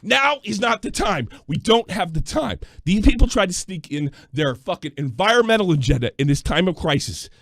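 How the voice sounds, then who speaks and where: Male call-in host, loud profane ranting, very high tense voice, dry close sound. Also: expressive, normal speed, hardly any pauses, no room sound. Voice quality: yelling, profane, combative. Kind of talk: angry call-in rant.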